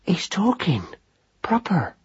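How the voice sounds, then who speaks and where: A man doing a high excitable mother mouse. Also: moderate pace, breathy edge, exaggerated voice. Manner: ungrammatical, excitable. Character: timid chattering mother mouse. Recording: dull lo-fi recording.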